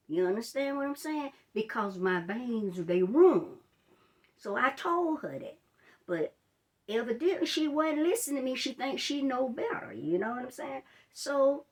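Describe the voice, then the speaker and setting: A woman's voice: high voice, lively intonation, unhurried. A woman telling a personal story in a storytime vlog, chatting straight to her viewers and retelling it with drama. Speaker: life coach.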